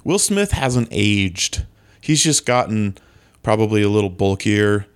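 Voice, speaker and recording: Wry low-voiced man chatting. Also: lively intonation, unhurried, smooth. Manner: wry, laughing, mock-disgusted asides. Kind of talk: casual movie chat.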